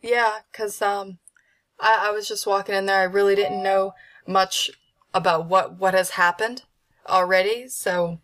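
A woman's voice: mid-range voice, fairly even intonation, a little slow, a bit bright. A woman guest voice actor chatting casually in an interview, hesitant and full of fillers and restarts. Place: at home with a dog.

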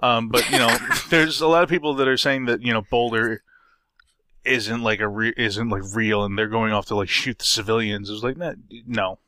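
A man's voice: mid-range voice, steady tone, moderate pace, bright, forceful tone, dry recording, clean studio sound. A man co-hosting a casual podcast, rambling and swearing offhandedly as he jokes. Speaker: podcast co-host.

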